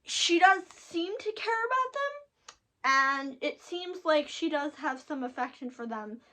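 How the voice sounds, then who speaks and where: A young woman casually recapping and reviewing an animated episode, chatty and animated, with frequent fillers and restarts. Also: sits high, a little slow.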